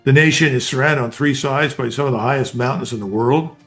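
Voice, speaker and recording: Older man, interview guest, blunt and emphatic, medium pitch, faint background music. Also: a little fast, a bit bright. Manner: blunt, emphatic, speaks in short declarative bursts. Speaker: guest commentator, retired army colonel. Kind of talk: conversational interview analysis.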